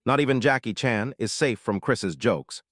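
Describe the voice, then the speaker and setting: A man reading scripted narration in an even, matter-of-fact way. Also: mid-range voice, moderate pace, a little hiss or hum.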